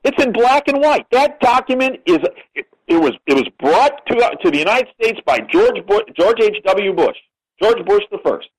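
Older male interview guest, emphatic storyteller, slightly higher voice, radio sound. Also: lively intonation, moderate pace, slightly rough, low-quality recording. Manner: emphatic, repeats words when starting sentences.

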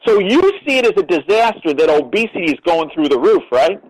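A man's voice: on the high side, lively intonation, brisk, husky, low-quality recording. An older man speaking as an interview guest, emphatic and given to repeating words as he starts his sentences. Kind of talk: conversational interview storytelling.

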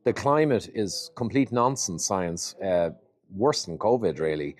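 A man's voice: low voice, animated, a little slow. A man speaking as an interview guest, laying out his points one by one in an emphatic, list-like way. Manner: lays out points in lists, emphatic. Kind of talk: interview conversation.

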